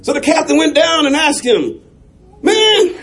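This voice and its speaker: A man preaching a sermon as a pastor, shouting in rising runs and chuckling between lines. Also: extremely high pitch, animated, normal speed.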